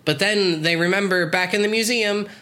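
A man's voice: sits high, moderate pace, bright, forceful tone. A man co-hosting a podcast, wryly recapping a cartoon plot in casual chat, swearing and laughing. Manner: wry, sweary, laughs often. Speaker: podcast co-host.

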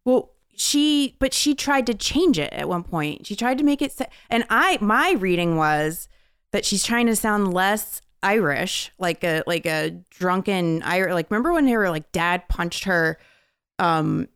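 A woman co-hosting a podcast, chatting in an animated, blunt way and swearing freely. Her voice is smooth and clear, mid-pitched, and the recording is dry and close with no room echo. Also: a little slow. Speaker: podcast co-host. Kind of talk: casual chat.

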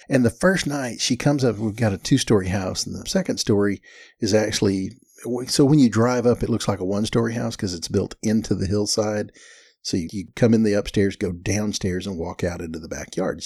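A man's voice: on the low side, fairly quick, darkish tone, slightly rough, no echo, studio quality. A man telling a family story in a folksy, self-deprecating way. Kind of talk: casual storytelling.

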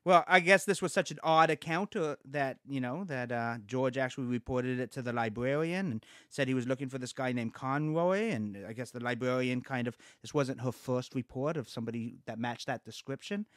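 A man's voice: medium pitch, fairly quick, hardly any pauses, a bit bright, dry recording, studio quality. A man hosting a casual podcast chat, telling local ghost stories and acting out quoted lines along the way. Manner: chatty, acts out quoted lines with small voice shifts.

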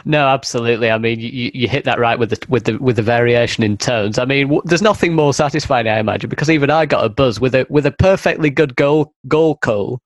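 A man's voice: mid-range voice, quick pace, hardly any pauses, no echo. Northern English man, dry close sound. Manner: chatty, with frequent short murmured agreements. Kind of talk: casual chat.

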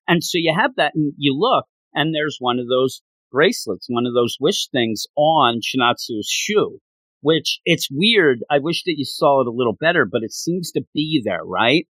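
A man co-hosting a casual chat about a manga, animated and acting out characters' lines. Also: medium pitch, normal speed, dry recording, rough recording. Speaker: podcast co-host.

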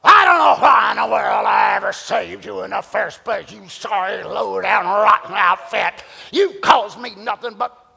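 A man voicing a stern, exasperated male God who shouts and scolds harshly. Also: high-pitched, expressive, unhurried, creaky, husky, in a large hall, heavily acted. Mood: scolding.

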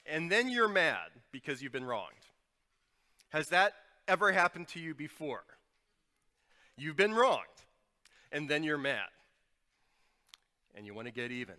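Male pastor mid-sermon; emphatic, questioning delivery, bright tone, echoing hall. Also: fairly high pitch. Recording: reverberant hall.

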